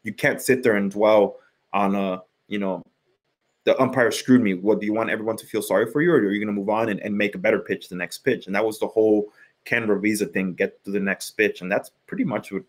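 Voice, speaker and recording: Casting: man, thirties, lowish voice, ex-pitcher podcast host, loose rambling delivery. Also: steady tone, fast. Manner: rambling, repeats words while thinking. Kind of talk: casual sports chat.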